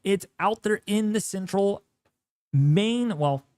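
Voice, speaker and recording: A man hosts a live weather stream, talking at an unhurried pace. His commentary is animated and jokey, full of exclamations. The sound is dry, with no room around it. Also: high voice, smooth, no echo.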